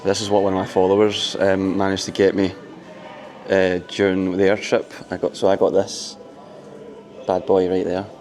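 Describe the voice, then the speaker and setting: Laughing often and gushing with excitement, a vlogger narrates an indoor resort visit in a casual style. His voice is low and his speed normal.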